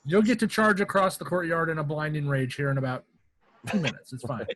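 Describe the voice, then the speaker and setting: A man's voice: on the high side, lively intonation, brisk, a bit bright, poor audio. A man playing a tabletop game, who speaks for his character in formal, courteous words. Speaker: player.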